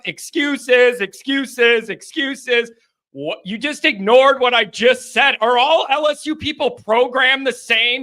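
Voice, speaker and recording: A man hosting a live fan call-in stream, reading viewer comments aloud and ranting in an animated, sarcastic way. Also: high-pitched.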